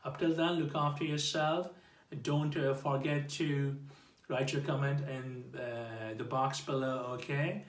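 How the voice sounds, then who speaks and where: A man teaching an informal English grammar lesson, explaining slowly and repeating himself, checking in with "okay?" after nearly every phrase. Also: medium pitch, steady tone, recorded from a distance. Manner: slow, repetitive explaining with restarts. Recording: echoey room, voice off-mic.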